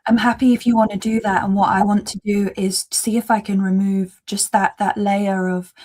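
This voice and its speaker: A woman doing a live psychic reading, calm and thoughtful, speaking in gentle flowing phrases. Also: fairly low pitch. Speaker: psychic reader. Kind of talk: live spiritual reading chat.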